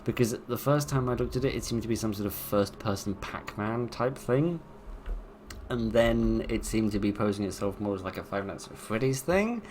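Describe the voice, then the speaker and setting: A deep-voiced British man commentating on a horror game. He is wry and sarcastic and rambles through his jokes. There is a faint hiss of noise behind him. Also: animated, normal speed, darkish tone. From Britain. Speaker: let's-play host. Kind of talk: casual gameplay commentary.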